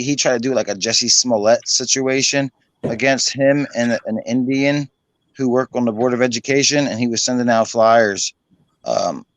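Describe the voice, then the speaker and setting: A man's voice: mid-range voice, no echo. A man hosting a casual online hangout, telling a long, rambling story full of fillers and casual swearing. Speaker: host of an online hangout stream. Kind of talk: casual chat.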